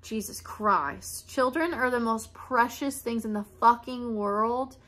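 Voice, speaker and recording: Young woman, bright and slightly high voice; raw, blunt confessional monologue. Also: slow. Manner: blunt, emotional, swears freely. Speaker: podcast host. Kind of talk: candid monologue.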